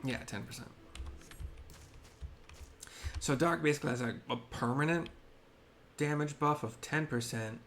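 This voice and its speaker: A man's voice: a little high, brisk, fairly bright tone, slight background noise. Rambling man in casual game commentary. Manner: rambling, hesitant, self-correcting. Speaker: gaming streamer narrating for blind viewers.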